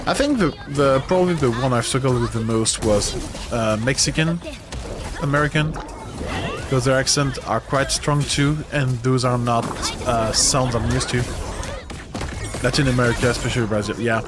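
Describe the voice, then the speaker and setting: A man with a French accent, a non-native English speaker who grew up in France, chats casually while streaming a video game, rambling and restarting often. His voice is medium-pitched at a normal speed, and the background is noisy.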